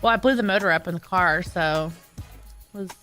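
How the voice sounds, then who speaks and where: A woman co-hosting a casual radio show, with a bright, forward voice. She tells stories in an easygoing, self-deprecating way. Faint music sits underneath. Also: lowish voice, fairly quick. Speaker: radio co-host.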